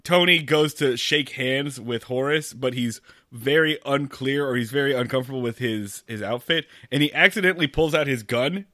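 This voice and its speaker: A man's voice: medium pitch, moderate pace, pushed and bright, no echo, studio quality. A man co-hosting a podcast in casual chat, recapping episode plots with wry, profane asides. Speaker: podcast co-host.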